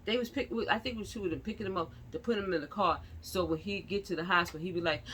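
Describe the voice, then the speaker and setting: A woman's voice: on the low side, fast talker, hardly any pauses, a bit bright, breathy edge. A young woman, ranting and telling a story in casual street slang, acting out the people she quotes. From New York. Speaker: vlogger.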